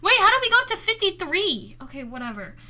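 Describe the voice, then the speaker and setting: She's a livestreamer chatting with her audience from home on a desk microphone, giggly, teasing, and playfully sarcastic. Her extremely high voice is sing-song, pushed and bright, and she talks fast.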